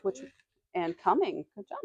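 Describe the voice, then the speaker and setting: A woman teaching a classroom reading lesson, reading passages aloud slowly and stopping to quiz her students. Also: mid-range voice, big pitch swings, darkish tone, slightly rough, no room sound, muffled recording.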